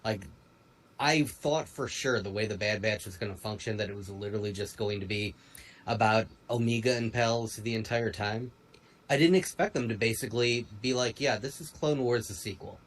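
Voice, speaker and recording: A man co-hosting a casual fan review chat, rambling and animated with quick asides. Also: fairly low pitch, rough recording. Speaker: podcast co-host.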